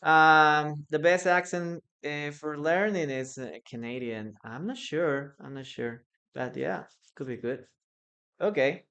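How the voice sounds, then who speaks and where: A man whose first language is Spanish, with a Peruvian Spanish accent, teaching English in a live online lesson. He talks loosely, with many fillers and restarts, and repeats phrases slowly when dictating. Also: on the high side, a bit bright.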